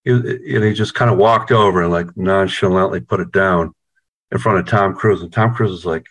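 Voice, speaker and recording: A man's voice: sits low, moderate pace, a bit bright, poor audio. A man from the United States, a band member, chatting casually over a video call, laid-back, swearing freely and telling stories with energy.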